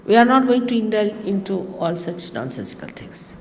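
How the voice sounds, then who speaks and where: A woman, giving a spiritual talk to her followers in a lively, teasing manner with mocking asides. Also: medium pitch, normal speed, a little hiss or hum. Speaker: spiritual teacher. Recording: long reverb of a hall, faint ambience.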